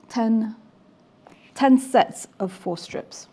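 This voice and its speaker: A woman's voice: mid-range voice, animated, moderate pace, a little mellow. Woman as a craft-show demonstrator, casual and chatty, talking through her sewing. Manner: chatty, self-deprecating, explains while sewing. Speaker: quilting demonstrator.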